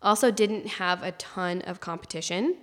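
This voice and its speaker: A woman's voice: on the low side, normal speed, big-room sound. A woman from Northern Maine chatting casually and candidly, laughing often and swearing freely. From Northern Maine, USA. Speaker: guest. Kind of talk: casual chat.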